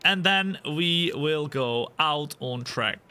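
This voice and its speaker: A man's voice: a little high, expressive, slow, heavy background noise. A man hosting a racing game video from his home studio, commentating with energy and repeating words for emphasis. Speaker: gaming channel host.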